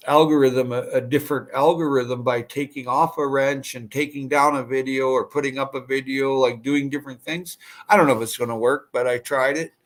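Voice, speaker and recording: A man with a medium-pitched, fairly bright voice hosts a casual livestream, reading viewer comments aloud. He chats in a friendly, rambling way with many fillers and restarts.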